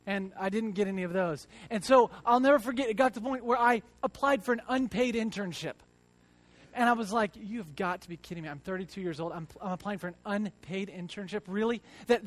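A man in his thirties delivers a sermon in a church, his voice strikingly high. He talks earnestly, rising to loud emphasis and then dropping to hushed reflection, often repeating words. The sound is close and dry. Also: no room sound. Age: 30s. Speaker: church teacher. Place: church, before a congregation.

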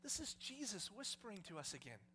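A man's voice: high voice, big pitch swings, a little fast, bright, forceful tone, slight background noise. A male pastor preaching a sermon to a congregation, telling stories with humor and animation.

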